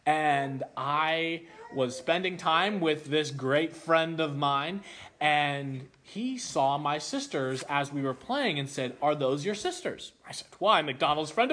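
A man preaching a sermon, telling a childhood story with animated delivery before explaining a Bible passage. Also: fairly high pitch, slow, a little hiss or hum. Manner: animated storytelling, acts out voices.

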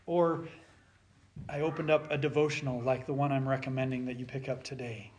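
Emphatic higher-voiced male preacher. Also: moderate pace, slight background noise. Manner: emphatic, swinging between loud urging and soft near-whispers. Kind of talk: sermon.

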